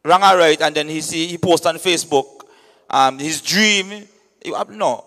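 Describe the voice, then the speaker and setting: A man's voice: a little high, normal speed. Man hyping acts in a hall. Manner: lively, keeps saying "understand me". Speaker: event host. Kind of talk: hyping announcements at a media launch. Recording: long reverb in a hall.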